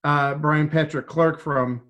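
A man's voice: a little high, fairly even intonation, takes it slowly, a bit bright, dull audio. A man co-hosting a casual podcast chat, making wry joking asides. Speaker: podcast co-host. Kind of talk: casual chat about old TV.

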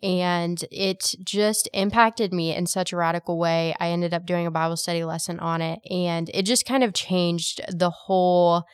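A woman co-hosting a podcast, speaking in a calm, reflective casual chat. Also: lowish voice, normal speed, few pauses, clear, resonant tone, no echo, clean studio sound. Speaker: podcast co-host.

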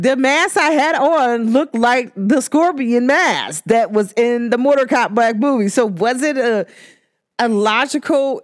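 A young adult woman hosting her own podcast, talking casually and sassily, laughing often and swinging between high and low tones. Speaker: podcast host. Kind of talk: casual solo podcast monologue.

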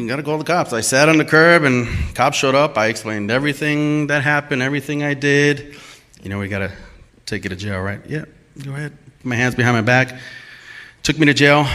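Bright-voiced man telling a wild story. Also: a little high. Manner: animated, acts out quotes, laughs at himself. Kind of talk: personal storytelling.

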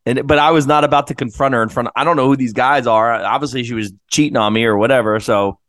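A man co-hosting a casual podcast, telling his own story in an animated way and laughing along. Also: medium pitch, fast, dry recording, clean studio sound. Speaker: podcast co-host.

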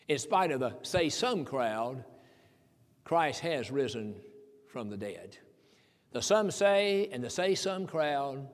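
A man preaching a sermon in a folksy way, chuckling between points and slowing down when he quotes scripture. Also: mid-range voice, long reverb tail.

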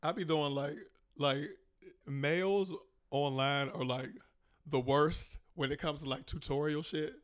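A man from Maryland, a comedian guest in a casual podcast chat, ranting in slangy, animated bursts with mocking impressions. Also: a little high, measured pace. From Prince George's County, Maryland.

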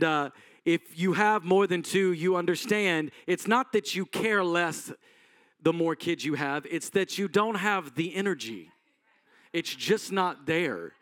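A man's voice: a little high, measured pace, a bit bright, no room sound, clean studio sound. A male pastor preaching a sermon in a conversational storytelling manner, asking the congregation questions.

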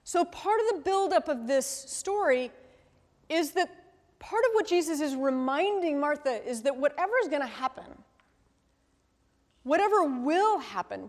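A woman leading a conversational Bible study, thinking aloud and asking the group questions with a frequent "right?". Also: high-pitched. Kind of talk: conversational scripture teaching. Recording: long reverb from a hall.

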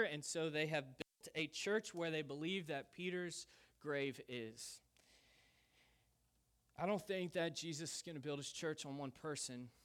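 A man preaching a sermon, casual and conversational, with an animated delivery. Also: on the high side. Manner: lively, conversational preaching with Southern "y'all". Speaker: pastor.

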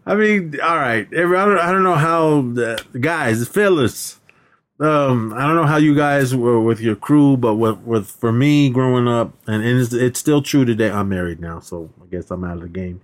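A man's voice: mid-range voice, normal speed. A man co-hosting a movie podcast, recapping scenes in casual chat, laughing often and acting out the characters' lines in a raised voice. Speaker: podcast co-host.

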